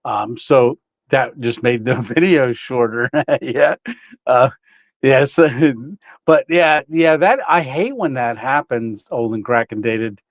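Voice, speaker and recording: A man's voice: medium pitch, slow, no room sound. A man hosting a casual livestream, rambling through a story with lots of fillers and chuckles while greeting viewers. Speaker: livestream host.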